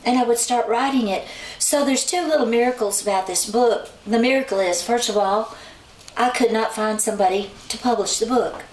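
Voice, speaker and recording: A woman's voice: on the high side, brisk. Chatty woman in a roomy space. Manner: chatty, acts out quoted people with lively shifts in voice. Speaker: songwriter and author guest. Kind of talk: casual storytelling in an interview. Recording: roomy sound from a distant mic, faint noise.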